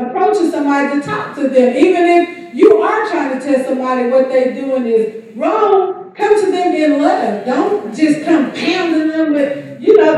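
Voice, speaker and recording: A woman teaching Sunday school, calling out questions for the congregation to answer. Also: high voice. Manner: asks the congregation to fill in words. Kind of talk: church teaching with call-and-response. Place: large church hall. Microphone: room mic far from speaker. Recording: echoey church hall from far off.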